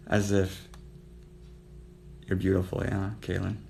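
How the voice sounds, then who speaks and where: A man's voice: low voice, steady tone, unhurried, creaky, long pauses, a little mellow. A man hosting a livestream, flirting with viewers and calling them out by name, sometimes dropping to a murmur. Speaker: livestream host.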